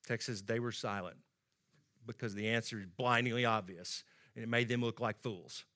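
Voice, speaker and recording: A man's voice: on the low side, steady tone, normal speed, bright, forceful tone. A man preaching a sermon in a conversational way, acting out the quoted lines with rising emphasis.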